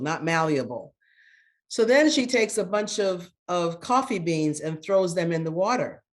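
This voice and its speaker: Woman, older, interview guest, earnest, motivational, emphatic repeats. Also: lowish voice. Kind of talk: interview, storytelling.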